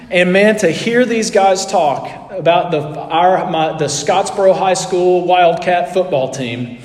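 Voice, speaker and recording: A man's voice: a little high, echoey room, in a large hall. A man preaching a sermon in a conversational way, asking the audience questions and acting out quotes. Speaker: pastor.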